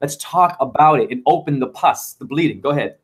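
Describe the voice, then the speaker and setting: A man's voice: mid-range voice, animated, brisk, husky. A man talking as a show guest in a rambling, fervent monologue full of wordplay. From United States. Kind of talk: casual chat.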